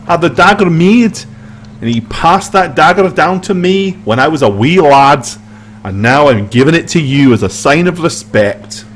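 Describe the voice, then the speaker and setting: A man's voice: lively intonation, moderate pace, slight background noise, close to an everyday voice. A man voicing a proud, jovial older Scottish clansman with a hearty, rolling Scottish accent. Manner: hearty, booming toasts, rolling brogue.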